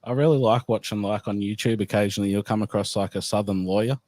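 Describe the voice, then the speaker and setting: A male interviewer keeps things relaxed and conversational. His voice sits a little low and sounds dry and close. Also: quick pace, no room sound. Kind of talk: casual interview chat.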